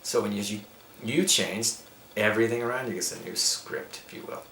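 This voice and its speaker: A man's voice: lowish voice, brisk, creaky, a bit bright. Emphatic middle-aged man in an echoey room. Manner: emphatic, preachy, lists points. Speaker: yoga teacher. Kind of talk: spiritual interview talk. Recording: echoey room with faint background noise.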